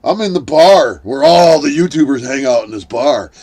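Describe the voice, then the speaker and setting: A man's voice: mid-range voice, expressive, normal speed, darkish tone. A man hosting a commentary stream who rants with sarcasm and swearing and acts out scenes. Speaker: host. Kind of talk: profane drama commentary rant.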